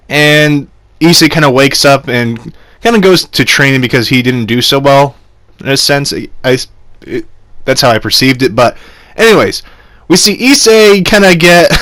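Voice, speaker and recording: A man's voice: medium pitch, a bit bright, no echo. A young man casually reviewing an anime episode, rambling with fillers and frequent laughs.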